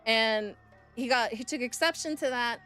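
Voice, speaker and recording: A woman's voice: a little high, normal speed, sharp tone, clean tone, soft background music. A woman streamer telling a story to her chat in a blunt, profane, heated way.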